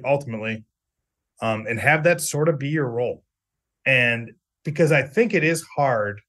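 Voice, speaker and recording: A middle-aged man with a medium-pitched, fairly bright voice co-hosts a laid-back sports podcast as a reporter, joking around and chatting with plenty of fillers.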